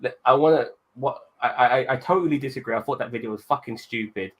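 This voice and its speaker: A man's voice: medium pitch, fast, fairly bright tone, a little hiss or hum. A man co-hosting a casual movie review chat, blunt and emphatic, swearing heavily. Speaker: podcast co-host.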